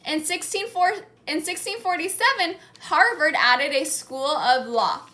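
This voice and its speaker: A woman teaching a lesson, saying words slowly and clearly and having the class repeat them after her. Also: very high-pitched, animated, pushed and bright. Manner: slow, clear, repeating key words for learners to echo. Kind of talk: call-and-response classroom lesson.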